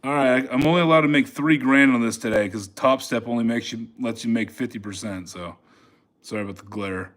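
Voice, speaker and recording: A man's voice: mid-range voice, a little fast, fairly bright tone. A man casually talking through his live day trades, speaking to the chart and laughing often, recorded on a phone he holds in his hand. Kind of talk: casual live trading commentary. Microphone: phone held in hand.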